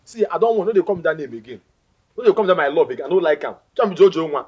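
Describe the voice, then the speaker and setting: Brief: a suspicious young boyfriend, Nigerian Pidgin accent, pleading and repetitive, animated pitch. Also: male voice, very fast, breathy edge, muffled recording. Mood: irritated. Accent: Nigerian Pidgin English. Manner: pleading, repeats himself, mixes in Igbo. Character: young man, jealous and suspicious lover. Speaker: film character. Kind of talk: Nollywood film acting.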